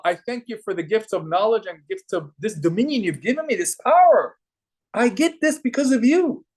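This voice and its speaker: A young man giving a lively religious lecture to a live group, asking the audience questions and repeating phrases for emphasis. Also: sits high. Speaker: religious teacher.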